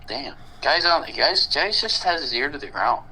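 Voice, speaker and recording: A man's voice: fairly high pitch, big pitch swings, normal speed, sharp tone, slightly rough, rough recording. A man co-hosting a podcast in casual chat, with crude, joking banter. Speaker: podcast co-host.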